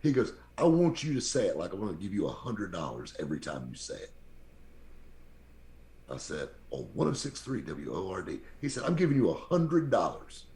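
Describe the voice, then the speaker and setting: A man with a very deep voice, telling lively stories as a podcast guest and acting out the people he quotes. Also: a little fast, gravelly, slight background noise. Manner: animated anecdote-teller, acts out quoted people. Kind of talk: casual storytelling. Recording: roomy echo.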